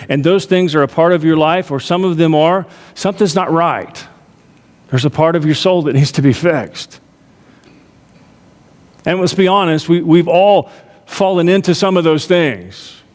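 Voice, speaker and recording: A man's voice: fairly high pitch, darkish tone. A middle-aged male pastor preaching a sermon, talking to the congregation conversationally with rhetorical asides. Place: church sanctuary. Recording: long reverb of a church hall.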